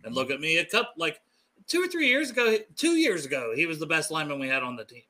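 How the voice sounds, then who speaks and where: A man's voice: on the high side, very animated, fast, sharp tone. A man co-hosting a sports podcast in casual chat, telling stories with easy laughter. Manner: laughing, storytelling fan. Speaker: podcast co-host.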